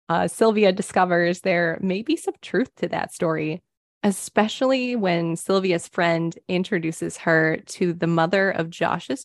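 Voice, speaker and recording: Slow, gravelly woman with wry asides. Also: fairly low pitch, no room sound. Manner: wry and unhurried, dry asides. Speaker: podcast co-host. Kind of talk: casual true crime chat.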